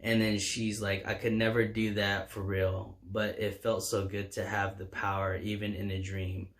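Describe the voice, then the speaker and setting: A man with a fairly low voice, talking loosely and casually as he walks through a comic book story. He rambles, piling on fillers and false starts as he retells each scene. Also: level tone, normal speed, fairly bright tone. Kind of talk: casual recap chat.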